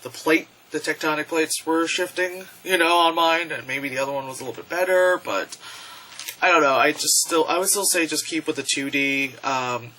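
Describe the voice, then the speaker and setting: Bright-voiced young man rambling casually. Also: on the high side, normal speed, a little hiss or hum, low-quality recording. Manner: rambling, swears freely, many fillers. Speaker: vlogger reviewing movies. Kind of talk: casual movie review vlog. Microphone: camera mic.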